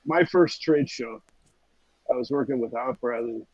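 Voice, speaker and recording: A male podcast co-host with a husky, slightly raspy voice, relaxed as he tells stories in casual chat. The recording is dry and dull, with a lo-fi sound. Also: medium pitch, unhurried, no room sound. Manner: easygoing anecdotal storytelling.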